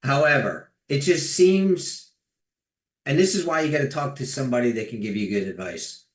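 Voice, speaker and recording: A man's voice: mid-range voice, animated, normal speed, reverberant. A man co-hosting a livestream, talking casually and hesitantly, hedging his opinions. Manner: hesitant, hedging, restarts often. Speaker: co-host. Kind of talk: livestream discussion, casual chat.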